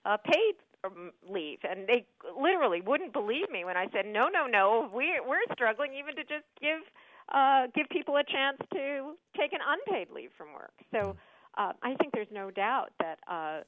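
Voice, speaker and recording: Measured woman expert over a phone line. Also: high-pitched, animated, no echo. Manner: thoughtful, measured, frequent "um" and "uh". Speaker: expert guest. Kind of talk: explanatory radio interview answers. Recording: dry, narrowband phone-like line.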